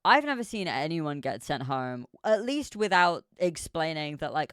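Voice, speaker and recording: A young adult streamer tells a long story in a loose, rambling way, full of fillers and the odd swear. The voice is smooth and clear at a middle pitch. It sounds dry and close to the mic. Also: lively intonation, normal speed, fairly bright tone, no room sound. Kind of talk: casual chat.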